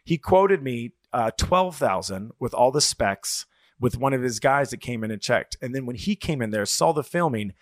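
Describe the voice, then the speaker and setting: A man's voice: medium pitch, lively intonation, moderate pace, no echo, clean studio sound. A man co-hosting a podcast, chatting casually, rambling and swearing as he retells stories with quoted voices. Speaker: podcast co-host. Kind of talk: casual chat.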